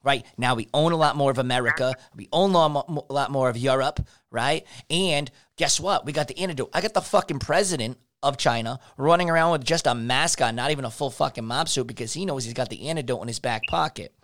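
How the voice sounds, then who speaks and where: A man's voice: mid-range voice, fast talker, few pauses. A man hosting a podcast, spinning conspiracy theories in casual, profane talk. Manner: profane, animated conspiracy ranting. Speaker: podcast host.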